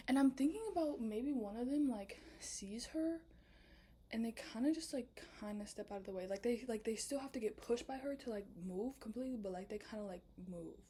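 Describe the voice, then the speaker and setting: In a relaxed late-night chat, a student lays out her film script idea. She's a young woman with a mid-range voice who whispers much of the time, then suddenly gets loud with asides, and uses lots of fillers. Slight background noise is audible.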